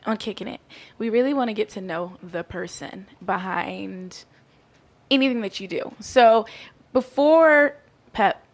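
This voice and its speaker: A woman's voice: mid-range voice, unhurried. Chatty woman radio host. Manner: chatty, fills with "like". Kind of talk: casual interview.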